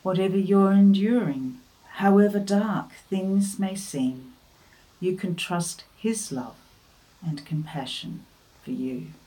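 Slow, mellow-voiced woman giving a devotional. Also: mid-range voice, poor audio. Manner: earnest, gentle encouragement. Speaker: devotional speaker. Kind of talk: devotional talk.

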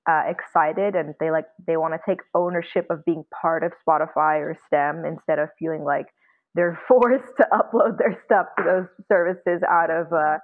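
Woman guest on a tinny phone-like line. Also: lowish voice. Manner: candid, talks through points with fillers. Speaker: musician and guest. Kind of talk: interview conversation.

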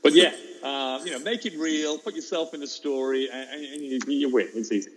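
Fast-talking storytelling man. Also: medium pitch, rough recording. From England. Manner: fast, lively, acts out children's voices. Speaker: teacher telling a classroom story. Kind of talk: animated storytelling.

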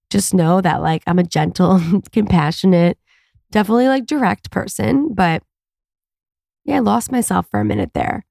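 Earnest woman with a gravelly, mellow voice. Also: mid-range voice, dry recording, clean studio sound. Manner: earnest, confessional, rambling with many fillers. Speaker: podcast host and coach. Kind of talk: casual solo podcast monologue. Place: home.

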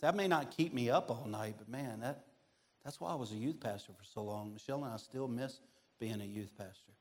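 Middle-aged male pastor, sermon delivery, comic storyteller with sudden bursts of energy. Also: fairly quick. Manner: animated, humorous storytelling with big swings in pitch and loudness. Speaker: guest pastor. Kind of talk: sermon with personal stories.

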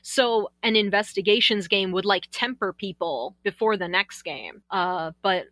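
A woman chatting casually on a podcast, gushing excitedly and exclaiming as she talks about a game. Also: medium pitch, unhurried, no room sound.

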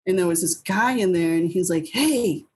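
Husky-voiced woman telling blunt stories. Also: on the low side, brisk, rough recording. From New Hampshire, US. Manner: blunt, swears freely, acts out her own past lines. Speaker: interview guest. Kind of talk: casual storytelling.

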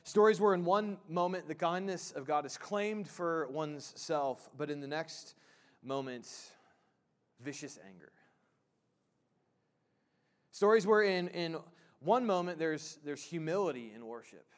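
A man's voice: fairly high pitch, lively intonation, unhurried, long pauses. A man preaching a sermon as pastor in a church, casual and joking, with many fillers and restarts. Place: church sanctuary.

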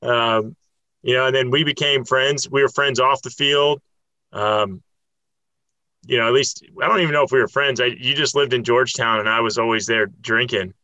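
Man, casual storytelling, animated, bright forceful tone, dry close sound. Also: medium pitch, normal speed, no room sound, muffled recording. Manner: animated, laughing, quotes others in voices.

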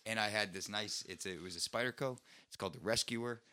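A man co-hosting a podcast, telling a rambling story in casual chat, swearing freely and jumping his pitch for quoted voices. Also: quick pace, bright, forceful tone. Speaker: podcast co-host.

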